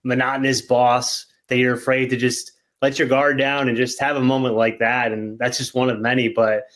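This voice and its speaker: A man's voice: mid-range voice, normal speed. A man with a mid-range voice talks in an easy, reflective tone. He muses on the past without hurrying. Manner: relaxed, reflective, frequent short agreements. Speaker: podcast host. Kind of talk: casual reminiscing chat.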